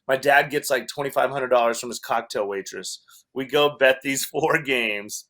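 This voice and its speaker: A man's voice: mid-range voice, normal speed, sharp tone. A man from Wyoming, a comedian guest, casually telling a story with restarts and laughter. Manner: rambling, self-interrupting, laughs through the story.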